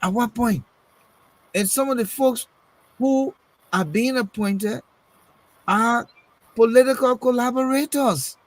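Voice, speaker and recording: This man's voice is very high, and he talks slowly with long pauses; the audio is rough but has no echo. Debating politics casually on a talk show, he fires off pointed rhetorical questions and circles back over words as he reaches for what to say next.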